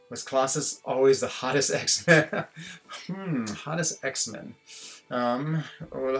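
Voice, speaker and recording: A man's voice: medium pitch, vocal fry, fairly bright tone. A middle-aged man, chatting casually with viewers as a stream host in a rambling, musing way. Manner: rambling, musing, chuckles often. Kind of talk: casual live-stream chat reading comments. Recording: faint guitar music behind.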